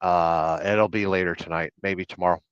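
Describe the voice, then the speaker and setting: A man's voice: sits low, steady tone, normal speed, a bit bright, clean tone, dry recording. Man, livestream host, rambling, joking, dry dull sound. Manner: rambling, joking, reads chat names aloud. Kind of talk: casual livestream chat reading comments.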